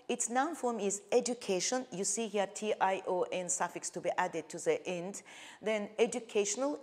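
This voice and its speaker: A woman with an Azerbaijani accent teaches an English lesson at a careful, deliberate pace. She spells out word endings letter by letter and pauses often with "uh". Her voice sits at an ordinary middle pitch. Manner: slow, deliberate, spells out suffixes, frequent "uh" pauses. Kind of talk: televised classroom lesson.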